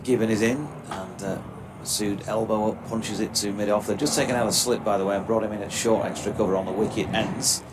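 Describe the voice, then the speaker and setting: A man giving relaxed, chatty live cricket commentary with dry quips. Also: fairly low pitch, fairly quick, few pauses, background noise.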